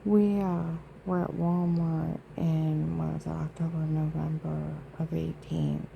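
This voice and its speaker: A woman's voice: sits low, flat delivery, slow pace, creaky, dull audio, background noise. A woman vlogging in a rambling, indignant monologue, aggrieved and emphatic with many asides.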